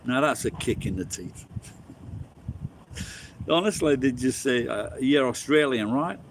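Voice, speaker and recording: A man's voice: mid-range voice, lively intonation, slow pace, a little hiss or hum. A man from Sheffield with a strong Yorkshire accent, chatting loosely with viewers in a rambling, sweary way and laughing often. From Sheffield, England. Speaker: vlogger chatting with live viewers. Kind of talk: casual chat. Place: outdoors on a street.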